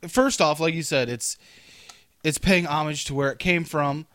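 A man's voice: fairly high pitch, normal speed, a bit bright, no room sound, clean studio sound. A man co-hosting a casual podcast, joking, swearing and laughing as he reacts. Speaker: podcast co-host. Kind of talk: casual chat.

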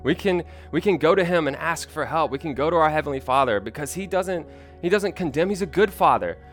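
A man's voice: on the high side, expressive, a little fast, soft background music. A young man preaching a sermon, earnest and personal, often restarting his sentences. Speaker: pastor.

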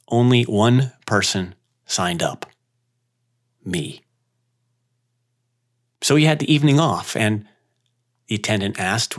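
A man who owns a yoga studio, telling a personal story in an unhurried, reflective way with dramatic pauses. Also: medium pitch.

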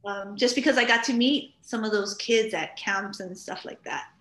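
A woman's voice: mid-range voice, normal speed. A middle-aged woman from Hawaii, guest on a talk show, telling stories casually and acting out what people said. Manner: animated, acts out quoted speech. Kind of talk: casual storytelling. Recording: roomy studio echo.

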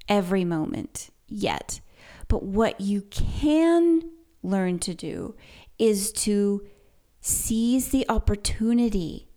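A woman shares a personal story at an unhurried, deliberate pace, earnest and self-reflective. Her voice sits at a middle pitch and often softens to a near-whisper. She speaks in a gentle, mindful teaching style.

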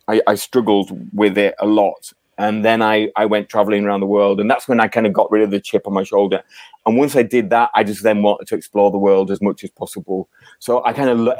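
A man's voice: lowish voice, a little mellow, no room sound. Guy on a podcast, swears a lot, stumbles into sentences, dry close mic. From Yorkshire, England. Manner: candid, swears freely, repeats words when starting. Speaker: podcast guest. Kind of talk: casual chat.

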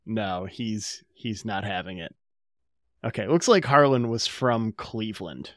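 A man's voice: on the low side, expressive, unhurried, a bit bright, no room sound, studio quality. A man co-hosting a podcast, recapping an episode in casual chat with wry, casual swearing. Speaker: podcast co-host.

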